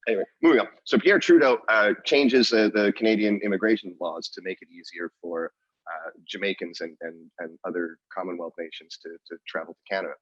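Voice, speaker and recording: A man's voice: low voice, fairly quick, no room sound, lo-fi sound. A man co-hosting a podcast in casual chat, rambling and restarting his sentences and laughing often. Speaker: podcast co-host.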